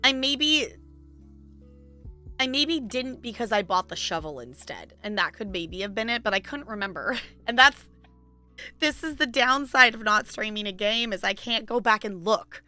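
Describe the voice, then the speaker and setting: A woman streamer chatting casually with her viewers, rambling and giggling, her voice strained and squeaky today. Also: expressive, normal speed, sharp tone, faint music behind.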